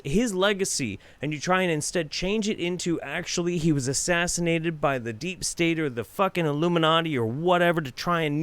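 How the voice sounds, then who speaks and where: A man's voice: fairly high pitch, dry recording. A man hosting a live stream, reacting to videos with profane, sarcastic rants and reading out viewer donations. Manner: reads viewer donations aloud.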